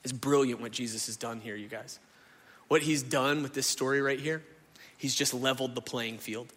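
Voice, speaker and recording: A pastor preaching a sermon into a stage microphone in a church hall, impassioned and conversational, often asking the crowd questions. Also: male voice, mid-range voice, steady tone, moderate pace, a bit bright.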